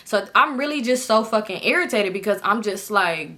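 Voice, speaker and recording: A woman with a bright, forward voice tells a wild story to her viewers. She talks loose and slangy, swears freely and speaks right to the audience. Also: medium pitch, brisk, few pauses. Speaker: storytime vlogger.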